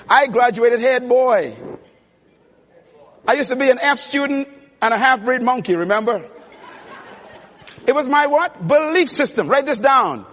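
A man gives an emphatic, preacherly motivational speech in a large conference hall, speaking straight to the audience. His voice is strikingly high. The sound is dull and rings in a long hall reverb.

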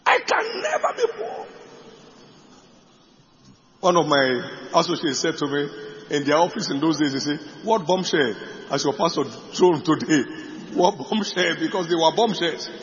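A middle-aged male pastor preaching a sermon boldly, with bursts of shouting and laughter. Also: on the high side, moderate pace. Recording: dull echoey hall recording.

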